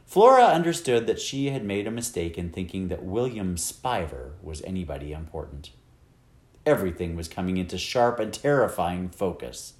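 Man, low voice, lively storybook narration, roomy echo. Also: moderate pace. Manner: expressive, wide-ranging storytelling. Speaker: audiobook narrator. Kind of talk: scripted narration.

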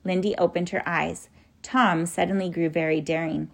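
A woman reading a children's story aloud in a lively way. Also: on the low side, normal speed, vocal fry. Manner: lively, acts out the characters.

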